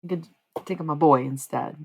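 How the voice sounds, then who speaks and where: A woman's voice: low voice, brisk, vocal fry, husky. A woman livestreaming, chatting casually to her viewers in a rambling, slangy, frank way. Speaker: livestreamer and singer.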